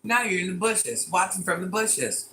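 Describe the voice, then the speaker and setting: Calling herself Granny, a woman around fifty hosts a phone livestream from her living room, reading comments out loud and teasing viewers in a chatty, repetitive way. Her lowish voice is fairly bright with lively intonation at a normal pace, and there's slight background noise.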